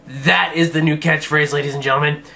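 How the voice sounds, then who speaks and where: A man's voice: fairly high pitch, flat delivery, brisk, gravelly, pushed and bright. A man giving a sarcastic, rambling, jokey review of a wrestling show in a casual style. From Virginia.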